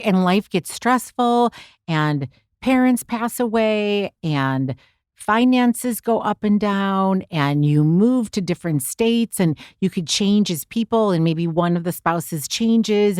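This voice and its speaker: A woman's voice: medium pitch, clean tone, no room sound, studio quality. A woman in her fifties, the host's mother, chatting as a guest and telling long run-on stories. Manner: warm, doting, run-on storyteller. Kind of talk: casual interview chat.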